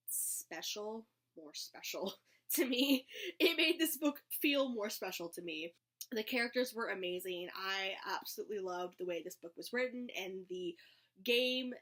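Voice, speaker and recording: A woman's voice: medium pitch, fairly bright tone. A young woman chatting casually about books, gushing and rambling with restarts and giggles. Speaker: book vlogger. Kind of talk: casual chat, book review.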